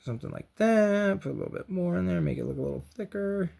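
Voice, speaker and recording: A man's voice: high-pitched, lively intonation, fast, vocal fry, warm tone. A man hosting a casual painting and crafts tutorial, chatty and encouraging, with joking slangy asides. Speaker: host of a toy and craft channel.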